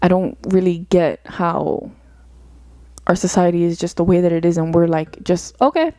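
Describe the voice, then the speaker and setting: A young woman hosts a solo podcast, thinking out loud in an earnest, rambling monologue packed with "like" and "you know." Her voice is lowish and dark, with a flat delivery at a normal speed, and there's no echo.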